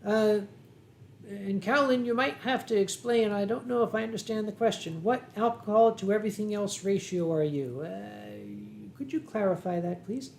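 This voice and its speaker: A man with a Philadelphia accent hosting a casual livestream from home, reading viewer comments in a dry, wry way and often clearing his throat. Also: high voice, moderate pace, a little hiss or hum. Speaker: livestream host. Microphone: desk microphone.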